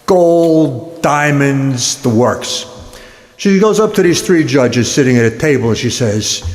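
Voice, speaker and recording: A man telling dance jokes in a rapid, punchy stand-up delivery. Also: mid-range voice, animated, a little mellow. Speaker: comedian. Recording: echoey hall.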